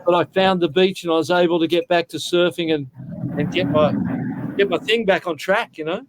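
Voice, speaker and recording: A man's voice: high voice, fairly even intonation, fairly quick, a little hiss or hum. A sixty-year-old Australian man telling stories in a casual interview, talking in an earnest, heartfelt way and often calling the listener mate. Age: 60s. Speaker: guest.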